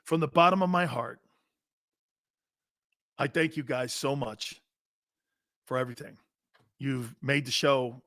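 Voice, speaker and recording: A man's voice: medium pitch, steady tone, measured pace, long pauses, a bit bright, no room sound, studio quality. A middle-aged man hosting a sports talk show, blunt and profane, joking with his chat. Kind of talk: loud, brash sports talk.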